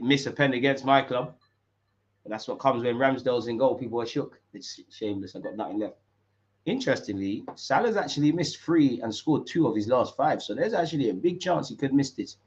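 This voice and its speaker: A young man, commentating a football match live with street-slang banter and sudden shouts. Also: a little high, lo-fi sound. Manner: banter-heavy, mocking rival fans in street slang, bursts into shouts at big moments. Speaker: football watch-along streamer.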